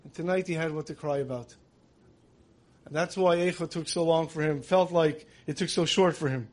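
A man's voice: a little high, normal speed. A man giving a sermon, telling stories in an earnest way that builds emotion. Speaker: religious teacher.

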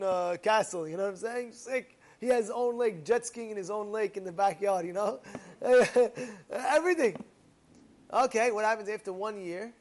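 A man casually telling a parable as a moral lesson, animated and rambling, with repeated fillers. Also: sits high. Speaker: storyteller giving a moral lesson.

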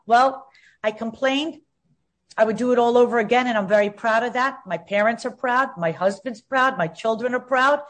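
Emphatic woman in her fifties, a combative and outspoken guest, her voice pitched a little high. She pushes her points hard and doubles up words when she gets heated. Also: normal speed. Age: 50s. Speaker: interview guest. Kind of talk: outspoken interview talk.

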